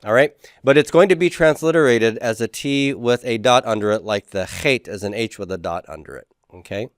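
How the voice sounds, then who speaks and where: A man's voice: mid-range voice, fairly quick, no echo, clean studio sound. A man teaching a class, drawing out letter sounds and adding joking asides. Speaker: Hebrew teacher. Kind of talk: classroom lecture.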